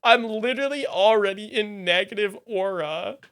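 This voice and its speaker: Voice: medium pitch, smooth. Playful streamer bantering with chat. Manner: playful, teasing, jumps from mumbling to loud exclamations; repeats phrases, quick asides to chat. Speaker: livestreamer. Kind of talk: casual live-stream chat, answering viewers.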